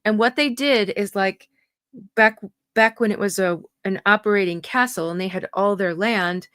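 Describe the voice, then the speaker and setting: A woman's voice: medium pitch, normal speed, fairly bright tone, clean tone, no room sound, clean studio sound. A woman co-hosting a podcast, chatting casually and telling rambling anecdotes. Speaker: podcast co-host. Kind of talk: casual chat.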